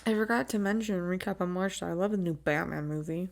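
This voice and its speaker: Speaking fast in a lowish, creaky voice, a young adult woman chats casually on her own podcast. She gushes, laughs a lot and drops casual swears, all into a new desk mic with no windscreen.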